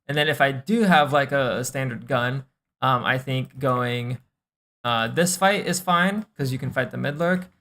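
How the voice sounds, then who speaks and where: Reviewing gameplay casually on stream, a young man coaches in a loose, unhurried way, thinking aloud with fillers and occasional swearing. His medium-pitched voice is bright and forceful, with a gravelly, creaky edge.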